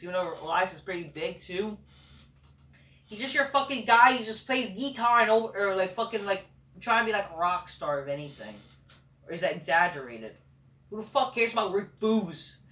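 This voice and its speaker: With a high voice that's pushed and bright, a man hosts a laid-back review show, ranting sarcastically, dismissively, and with profanity. The recording is distant from the microphone and echoes around the room.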